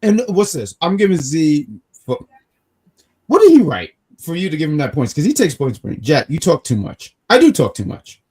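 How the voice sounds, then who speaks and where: A man co-hosting a wrestling review show, excitable and joking, saying he gets worked up. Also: on the high side, normal speed, breathy edge. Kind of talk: casual show review chat.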